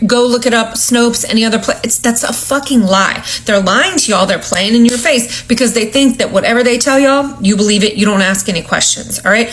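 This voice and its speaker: A woman's voice: a little high, fairly bright tone, poor audio. A woman giving emphatic political commentary, repeatedly checking in with her listeners. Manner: insistent, keeps checking in with "okay?".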